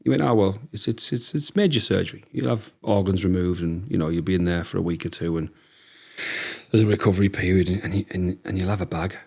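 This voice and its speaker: A man in his thirties with a Teesside accent, telling lively stories as a podcast guest and acting out what people said. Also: low voice, brisk, vocal fry, husky. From Teesside, England. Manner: chatty, animated storyteller who acts out quotes. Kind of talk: casual storytelling chat.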